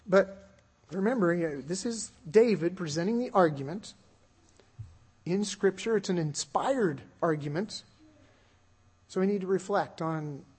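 Husky high-voiced man preaching a sermon. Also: darkish tone. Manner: earnest, measured preaching with emphatic rises and repeated words. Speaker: pastor. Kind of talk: expository sermon.

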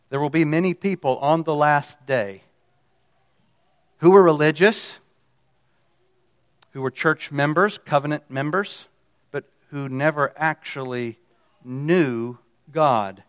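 Man, Bible teacher, unhurried sermon delivery, smooth clear voice, earnest emphasis. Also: fairly high pitch. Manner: earnest, emphatic, repeats key words, self-corrects. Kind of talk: sermon-style Bible exposition.

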